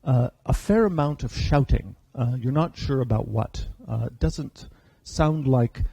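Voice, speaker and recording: Dark, husky, slow-paced game master. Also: male voice, mid-range voice, no room sound, rough recording. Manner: hesitant, with many filler sounds. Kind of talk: narrating a tabletop game. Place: convention stage.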